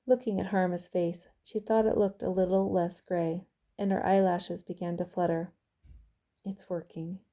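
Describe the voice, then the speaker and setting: A woman author reading her own novel aloud in calm, even audiobook narration. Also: on the low side, moderate pace.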